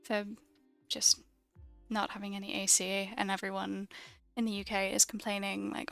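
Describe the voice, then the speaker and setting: A woman's voice: mid-range voice, monotone, moderate pace, creaky, fairly bright tone, clean tone, no room sound, soft background music. A young British woman from the UK chatting casually and rambling while she draws on a stream, laughing often. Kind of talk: casual chat while drawing.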